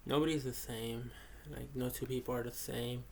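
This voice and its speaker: Gravelly-voiced young man, flat delivery. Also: medium pitch, normal speed. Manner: rambling, with many fillers and restarts. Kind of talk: casual spoken reflection. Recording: faint background noise.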